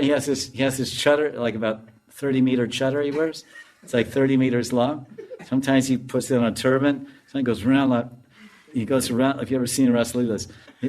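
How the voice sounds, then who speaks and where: A man giving a storytelling sermon as a spiritual teacher, animated and laughing as he tells it. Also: mid-range voice, a little hiss or hum. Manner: animated, laughs while telling.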